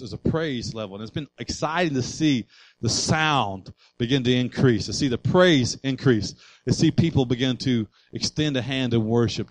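A male pastor preaching a sermon with passion, building up to loud declarations. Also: mid-range voice, no echo, rough recording.

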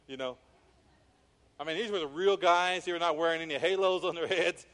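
A man preaching a sermon, animated, acting out scenes with quoted voices. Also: a little high, brisk. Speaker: pastor. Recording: long reverb of a large hall.

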